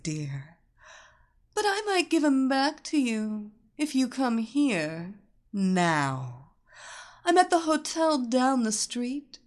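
A woman voicing a seductive, commanding woman in an audiobook, speaking slowly with a purring, domineering tone. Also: a little high, a little mellow. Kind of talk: audiobook character voice.

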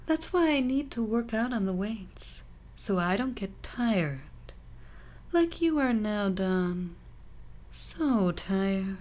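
A woman voicing a soft, controlling young athlete. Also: mid-range voice, expressive. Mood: hypnotic. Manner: slow, soft hypnotic cadence, drifting into whispers.

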